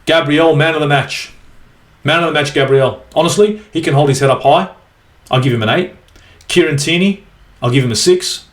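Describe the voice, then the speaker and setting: A man's voice: on the high side, normal speed, pauses often, reverberant. An Australian man ranting angrily as a football fan vlogger in a profane, exasperated match review. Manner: angry, sweary, exasperated.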